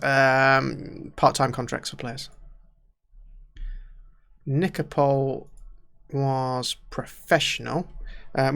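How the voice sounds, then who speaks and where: A young man thinking aloud as he plays a management game, muttering to himself and often trailing off quietly. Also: mid-range voice, gravelly. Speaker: gaming YouTuber. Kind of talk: casual let's-play commentary.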